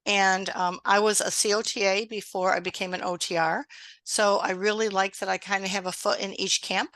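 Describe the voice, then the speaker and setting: This middle-aged woman hosts an online exam-prep session with a bright, ringing voice. She sounds close and dry on a video call, chatting and encouraging her listeners. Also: medium pitch, little pitch movement, moderate pace, no echo. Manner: warm, encouraging, conversational. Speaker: webinar host and exam prep instructor. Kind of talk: live online webinar.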